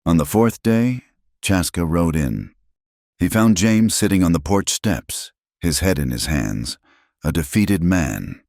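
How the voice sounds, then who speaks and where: Deep-voiced dramatic male storyteller. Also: expressive, slow, vocal fry, a little mellow, no echo, studio quality. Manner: dramatic, emphatic. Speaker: narrator.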